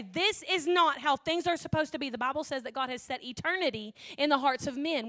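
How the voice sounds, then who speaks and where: Emotional woman preacher, high bright voice. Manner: emotional, weepy, rises to near-shouting passion. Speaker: pastor. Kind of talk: sermon.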